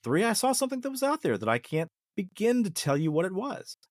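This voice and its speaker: A man sharing personal stories as a podcast guest, with a lively, swinging pitch. He talks casually and reflectively and often restarts his sentences. The recording is dry and close. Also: fast, no echo. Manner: animated, reflective, with frequent restarts. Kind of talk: casual storytelling.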